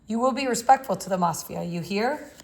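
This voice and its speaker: A woman's voice: medium pitch, animated, a little fast, lightly acted, low-quality recording. A woman reading the part of a stern, worried father who scolds his young son. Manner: agitated, scolding.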